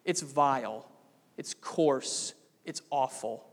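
A man preaching an expository sermon as pastor, emphatic, with sudden dramatic rises in pitch and volume. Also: takes it slowly. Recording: long hall reverb.

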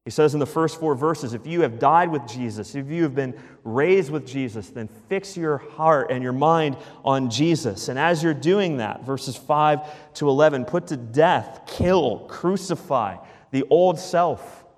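A man preaching a sermon as pastor, emphatic, repeating key phrases and dropping to a hush at the ends of lines. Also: fairly high pitch, lively intonation, unhurried, hardly any pauses, in a large hall.

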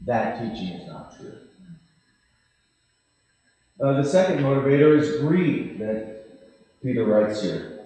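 A man preaching a sermon as pastor, swinging between loud emphasis and hushed asides. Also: medium pitch, lively intonation, slow, pauses often, a little hiss or hum. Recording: echoey hall reverb.

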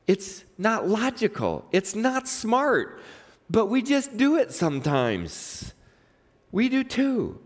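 High-voiced man preaching expressively. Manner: expressive preaching, swinging from quiet low asides to raised emphatic lines. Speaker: pastor. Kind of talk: sermon.

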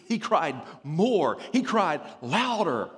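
A man preaching a sermon in a church, telling stories with humor and explaining scripture in an animated way. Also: high voice, takes it slowly, big-room sound.

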